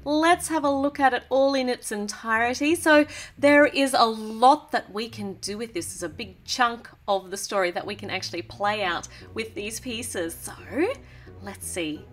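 A woman's voice: a little high, moderate pace. A cheerful, chatty woman narrating a toy build review who laughs often.

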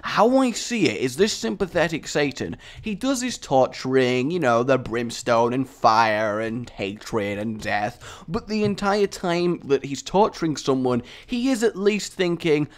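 A man's voice: medium pitch, lively intonation, a little slow, few pauses. A man hosting gaming commentary, jokey, playful and self-mocking. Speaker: gaming video host. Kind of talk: Minecraft commentary.

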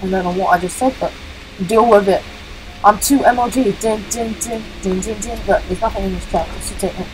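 A woman hosting a gaming channel, giving jokey, excitable let's-play commentary, yelling and chanting at the game as she plays. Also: mid-range voice, quick pace, soft background music, rough recording. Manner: jokey, self-mocking.

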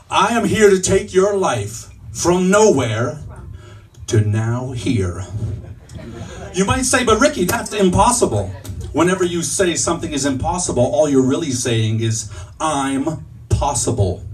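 A man on a comedy club stage plays a self-serious motivational speaker who keeps tripping over his own wordplay. His voice swings up and down and sits a little high. He is picked up from a distance, with faint room noise behind him. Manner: mock-earnest, stumbling over his own puns. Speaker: stand-up comedian.

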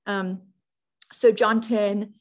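A young woman teaching a Bible study, casual and earnest, often pausing with "um" and checking in with "right?". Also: medium pitch, steady tone. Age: young adult.

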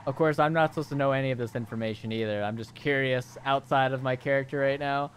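Quick chatty male streamer, clear voice. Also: mid-range voice, fairly even intonation. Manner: hurried, chatty, steps out of character to talk to chat. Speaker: streamer playing a delivery driver. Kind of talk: live-streamed game roleplay.

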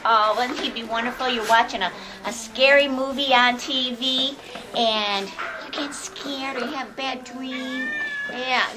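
A woman presenting shelter dogs for local TV, out of breath as she handles them, coaxing them and laughing between lines. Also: high voice. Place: outdoors by a fence with dogs. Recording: noisy local TV recording.

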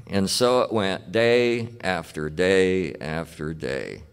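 A man's voice: sits low, lively intonation, slow, hardly any pauses, clean tone. A man preaching a sermon as pastor, telling stories in a folksy, plain-spoken way in church. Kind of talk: storytelling sermon.

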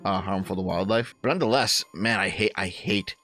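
A young man hosting a show, reacting to clips with loud, crude exclamations and swearing. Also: on the low side, a little fast, faint music behind. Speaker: commentary host.

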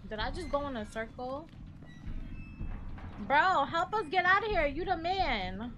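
A young woman streaming a game, reacting loudly with shrieks and laughs and talking back to the game in slang. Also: high-pitched, sing-song, a little slow, muffled recording, noisy background. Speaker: gaming streamer. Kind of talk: live gameplay commentary.

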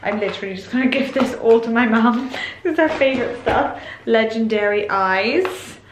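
A young woman vlogging from her bedroom, gushing over each parcel she opens. Her voice sits fairly high, and faint clicks sound now and then behind her. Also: normal speed, reverberant, background noise. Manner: gushing, excitable, lots of exclamations. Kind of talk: casual vlog chat while unboxing. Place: bedroom at home.

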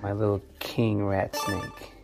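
A man casually chatting on a vlog as he shows his snakes, talking softly and coaxing them. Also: on the low side, completely flat delivery, takes it slowly, gravelly, music in the background. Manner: laid-back, talks softly to his snakes. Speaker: snake keeper showing his collection. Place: indoor snake room.

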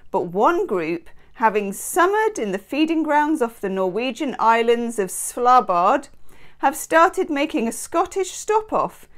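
A woman hosts a casual daily tarot reading, chatting playfully and making wry little asides about herself. Her voice sits a bit high and swoops around a lot, lively and sing-song as she reads and muses. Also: measured pace. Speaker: tarot reader and channel host. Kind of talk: reading aloud from an almanac.

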